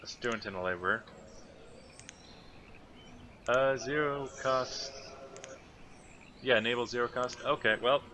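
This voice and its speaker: A man's voice: mid-range voice, unhurried, long pauses, bright, forceful tone, a little hiss or hum. A man giving casual, thinking-aloud commentary while playing a city-building game. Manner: muttering to himself, thinking aloud. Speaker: gameplay commentator.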